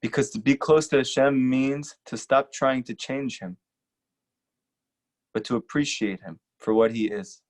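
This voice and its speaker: A rabbi giving an earnest, emphatic lecture and repeating short lines for stress. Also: male voice, mid-range voice, a little slow. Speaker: rabbi teaching a class. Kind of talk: earnest sermon-style lecture.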